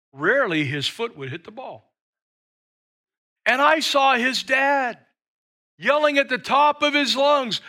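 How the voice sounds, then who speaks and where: An older man delivers a sermon in a high, bright voice at an unhurried pace. He tells stories with humor and swings from loud, shouted lines to soft, hushed ones. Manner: dynamic preaching, shouting quoted lines then dropping to a hush; storytelling with humor. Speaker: pastor.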